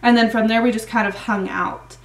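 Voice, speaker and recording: A young woman vlogger chatting casually through a Q&A, full of "like" fillers, with a slightly hoarse voice. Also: fairly high pitch, fairly even intonation, a little fast, distant mic. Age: young adult. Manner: chatty, many "like" fillers, laughs often. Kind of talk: casual Q&A chat. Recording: echoey room, mic set back.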